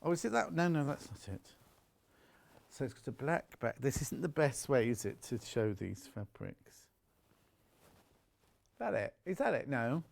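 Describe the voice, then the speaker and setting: A man's voice: mid-range voice, very animated, normal speed, gravelly. A man presenting fabrics on a live shopping channel, chatty and jokey as he teases the crew.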